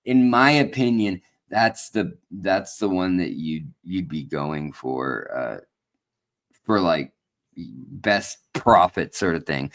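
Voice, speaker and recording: Male live-stream host: low, unhurried, rambling, jokey, lots of fillers. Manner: rambling and joking, with many fillers. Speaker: host of an aquarium livestream. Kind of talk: casual live-stream chat. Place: indoor home studio.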